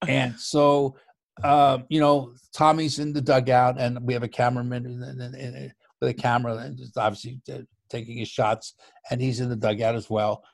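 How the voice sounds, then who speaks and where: A man telling a baseball story as an interview guest, animated and growing louder as the tale builds, often restarting his sentences. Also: moderate pace, creaky, no room sound, clean studio sound. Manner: lively storyteller who gets louder and higher as the story builds, with frequent restarts. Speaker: guest, former baseball TV broadcast producer.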